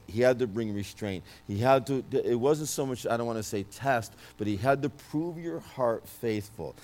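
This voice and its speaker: A man with a New York accent giving a prophetic word, talking loudly and emphatically, with frequent restarts. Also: lowish voice. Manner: loud, emphatic, with many restarts. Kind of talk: prophetic ministry speech.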